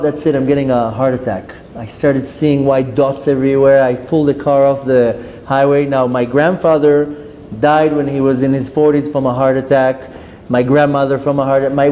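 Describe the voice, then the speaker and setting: A man, a rabbi, giving a storytelling lecture, lively and acting out the dialogue. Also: fairly high pitch. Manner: lively anecdotes, acts out dialogue. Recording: reverberant hall with faint noise.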